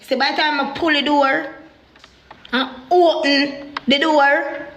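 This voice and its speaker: A Jamaican woman speaks in patois with a high, sharp voice, pouring out a personal story in an animated, heated way. The sound rings around an echoey room. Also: takes it slowly, slight background noise.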